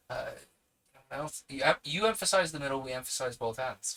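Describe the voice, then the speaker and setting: Bright-voiced New Zealand man reading aloud. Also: medium pitch, animated, moderate pace, rough recording. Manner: chatty, digresses and answers live chat between passages. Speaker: livestream book reader. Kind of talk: reading a novel aloud with casual chat asides.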